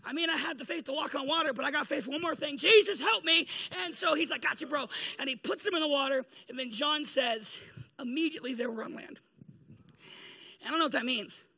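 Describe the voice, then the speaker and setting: A man with an unusually high voice and a strikingly bright, sharp tone preaches a loose, humorous sermon. He tells the story in a chatty, joking way and laughs often as he goes. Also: fast talker, hardly any pauses. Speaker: pastor.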